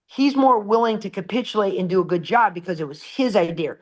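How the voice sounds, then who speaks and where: A middle-aged shower door salesperson, his voice sitting high and moving fairly quickly, chats on a podcast about selling shower doors, with animated anecdotes, acted-out dialogue and the odd swear word.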